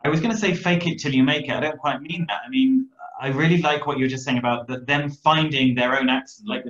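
A man's voice: medium pitch, fairly even intonation, quick pace, fairly bright tone, roomy sound, highs cut off. A man hosting an online interview, asking questions with hedging, word-searching phrasing. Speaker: interviewer and event host. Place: South America.

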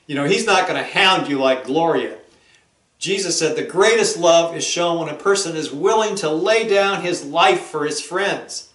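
A man's voice: a little high, a bit bright. Earnest male preacher in an echoing room. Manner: earnest, storytelling, rhetorical questions. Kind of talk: sermon. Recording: roomy echo.

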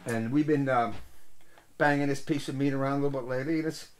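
A man's voice: mid-range voice, fairly even intonation, fast talker, slight background noise. An older man hosting a show, telling salty, rambling anecdotes that lose the thread. He laughs at his own stories. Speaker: show host and musician. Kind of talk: rambling storytelling chat.

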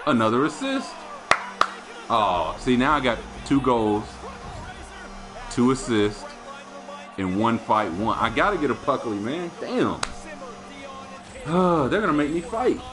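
A man's voice: medium pitch, expressive, unhurried, long pauses, music in the background. A man streaming a hockey video game, chatting casually and animatedly and swearing freely. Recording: video game arena crowd noise behind. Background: hockey game crowd and commentary.

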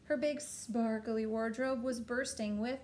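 A woman reads a picture book aloud at an unhurried pace, her voice sitting a bit high. She is gentle and pauses to chat with a child about the pictures, with a faint hum of room sound behind her. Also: steady tone. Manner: gentle, stops to chat and ask the child questions.

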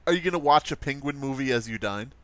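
Male co-host, casual banter, very animated pitch, quick to laugh. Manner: joking, lively, laughs often. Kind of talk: casual chat.

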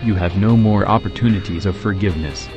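A man voicing the Lord as a solemn, tender divine figure who speaks in slow, grave pronouncements. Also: low-pitched, dull audio, music in the background.

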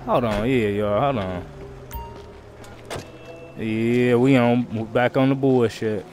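A man streaming a crime roleplay game, talking in character to his viewers in heavy slang and frequent swearing, swinging between low grumbles and loud outbursts. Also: takes it slowly, faint music behind. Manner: slangy, swears a lot, keeps calling out to viewers.

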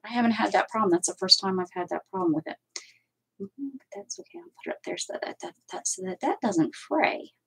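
A woman's voice: mid-range voice, sing-song, fairly quick, vocal fry, fairly bright tone, husky, rough recording. A woman hosting a crafting livestream from home, chatting casually and rambling as she works and answers viewer comments. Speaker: crafting channel host. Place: at home with her cats.

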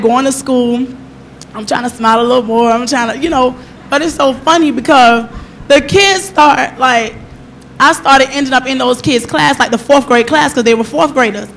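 High-voiced woman telling a lively testimony. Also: a little hiss or hum. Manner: animated storytelling, acting out her own and others' words. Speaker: church member giving testimony. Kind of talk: personal testimony at a church service.

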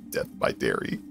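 A young man commenting on a game he plays, excitable and goofy, often laughing. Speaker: gaming video host. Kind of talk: let's play commentary.

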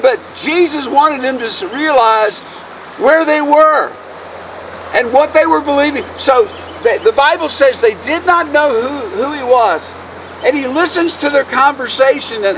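A man's voice: extremely high pitch, moderate pace, fairly bright tone. A man preaching an Easter sermon outdoors as pastor, folksy and emotional, joking with his congregation. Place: outdoors by a road. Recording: distant mic, faint noise.

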